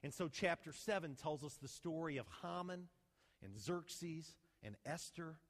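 A man preaching a sermon, retelling a story with lively rhetorical questions to his congregation. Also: fairly high pitch, measured pace. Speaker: pastor. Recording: long hall reverb.

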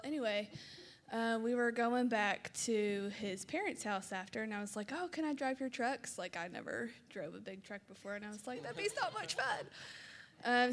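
A woman's voice: mid-range voice, a bit bright, slight background noise. A young woman casually telling a short funny story, chatty with many fillers and laughing along the way.

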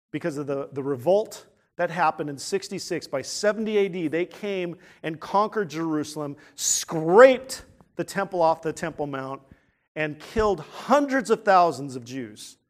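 A man preaching a sermon in an earnest way, asking rhetorical questions and swinging from quiet, hushed points to loud, emphatic ones. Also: on the high side, animated, measured pace. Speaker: pastor.

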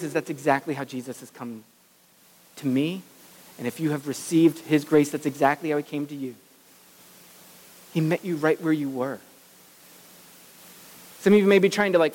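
A pastor preaches an animated, expressive sermon in a middle-pitched voice, briefly acting out the voices of the people he describes. A long reverb surrounds him, like a big church sanctuary.

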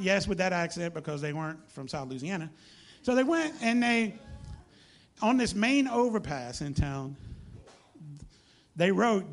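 A man preaching a sermon, telling a story with lively acted-out dialogue. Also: sits high, unhurried, long pauses. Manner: animated storytelling, acts out dialogue.

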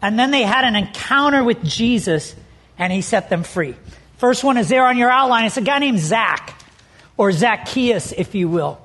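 A man's voice: extremely high pitch, expressive, moderate pace, a bit bright. A middle-aged man preaching a sermon as pastor, telling stories with animation and leaning hard on key words.

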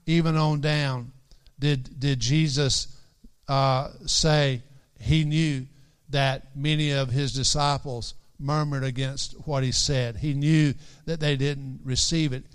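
Slow, smooth-voiced male preacher. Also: mid-range voice. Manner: earnest, repeats phrases for emphasis; quotes scripture in King James wording. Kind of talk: sermon.

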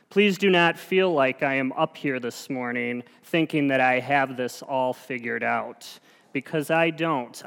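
A man preaching in a church sanctuary, earnest and conversational, sometimes poking fun at himself. His smooth, resonant voice rings out with a long reverb that fills the hall. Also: mid-range voice, fairly bright tone. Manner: earnest, self-deprecating and conversational. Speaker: lay preacher. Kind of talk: sermon.

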